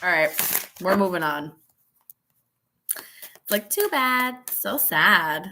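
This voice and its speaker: A woman's voice: lowish voice, lively intonation, slow pace, sharp tone, a little hiss or hum. A tipsy woman giving a casual live tarot reading, chatty and laughing, with swearing and dramatic asides. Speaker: tarot reader.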